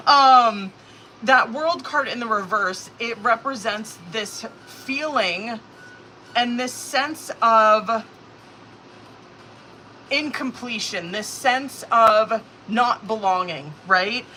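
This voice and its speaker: A woman's voice: on the high side, slow pace, pushed and bright, slight background noise, low-quality recording. A woman doing a live-stream tarot reading, talking casually with lots of swearing and filler words, getting nervous as she pulls cards. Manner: casual, profane, filler-heavy, anxious reactions. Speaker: tarot reader.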